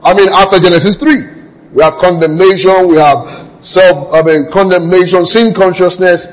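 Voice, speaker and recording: A middle-aged man preaching a sermon, telling stories with humour and swinging between quiet asides and loud exclamations. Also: high voice, fairly even intonation, moderate pace, low-quality recording.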